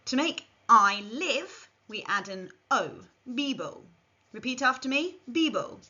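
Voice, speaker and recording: A woman's voice: on the high side, expressive, unhurried, pushed and bright. A woman giving a scripted language lesson, carefully modelling phrases for learners to repeat. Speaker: language teacher. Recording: dull lo-fi recording.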